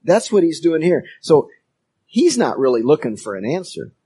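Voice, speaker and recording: A man preaching a sermon as a pastor, talking in a measured way with pauses and emphatic phrases. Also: on the high side, sing-song, mellow, breathy edge.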